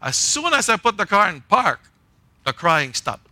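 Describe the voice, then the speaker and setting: Bright, sharp-voiced male preacher. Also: high voice, measured pace, no echo. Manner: checks in with listeners, often asking "right?" and "okay?"; animated storytelling with short punchy phrases. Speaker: pastor. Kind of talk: conversational sermon with a personal story.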